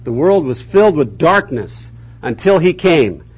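Husky guy leading a bible class, chatty, lots of isn't it and did you get that, restarts a lot. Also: on the high side, big pitch swings, measured pace. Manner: asks the class rhetorical questions, repeats words as he restarts. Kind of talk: conversational Bible lesson.

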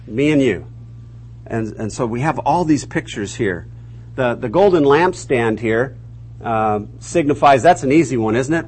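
Husky man teaching a Bible class. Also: medium pitch. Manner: asks the class rhetorical questions, repeats words as he restarts. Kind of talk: conversational Bible lesson.

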